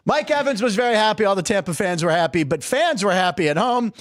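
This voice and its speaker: A middle-aged man hosts a sports talk show, spinning stories and ribbing his co-host in a loose, joking way. His voice sits a little high and swings widely in pitch. The sound is dry, with no room echo. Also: fast talker. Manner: chatty, jokey, animated storytelling.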